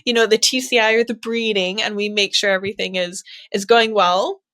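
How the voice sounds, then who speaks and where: A woman who breeds dogs talking casually as a guest, earnest and animated, with many fillers. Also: medium pitch, brisk, background noise. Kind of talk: casual conversation.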